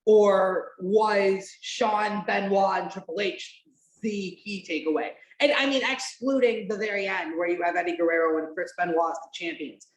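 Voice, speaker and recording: A woman's voice: medium pitch, fairly even intonation, normal speed. A woman hosting a casual podcast, rambling with many fillers and restarts and casual swearing. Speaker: podcast host. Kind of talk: casual chat, watch-along podcast. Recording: roomy echo.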